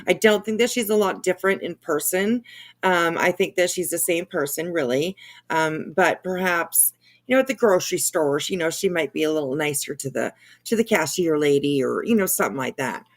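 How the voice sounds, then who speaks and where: A woman hosting gossip commentary, mocking someone online and often trailing off into soft, whispered asides. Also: lowish voice, brisk. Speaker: commentary channel host.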